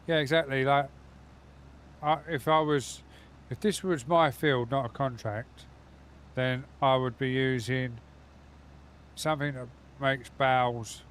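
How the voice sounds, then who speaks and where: A man's voice: medium pitch, fairly even intonation, slow pace, pauses often, a bit bright, slight background noise. A man chatting casually with his viewers while streaming a game from his home setup, rambling from one thought to the next. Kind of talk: casual live gaming stream chat.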